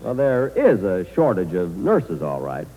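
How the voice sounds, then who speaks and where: A man's voice: low voice, huge pitch swings, unhurried, noisy background. A man hosting a 1940s radio comedy, hesitant and exasperated, full of "uh"s, heard on an old broadcast from a hall. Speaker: comedian host. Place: live show before troops in a hall.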